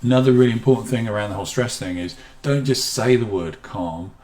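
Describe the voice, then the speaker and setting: A man presenting a live online health seminar from a room at home. He slows and softens his voice to show how calm speech feels. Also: mid-range voice, echoey room. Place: room at home with a guitar behind.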